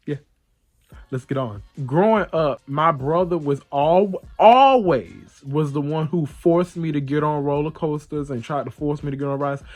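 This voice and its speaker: A podcast host tells a story in a casual, playful, animated way, acting out the voices of the people in it. His voice is a little high, moving at normal speed with few pauses, and soft music plays behind him.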